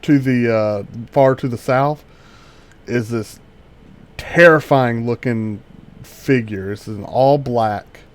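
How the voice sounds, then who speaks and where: A man narrating a tabletop game as game master, halting and full of fillers and restarts. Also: mid-range voice, clean tone.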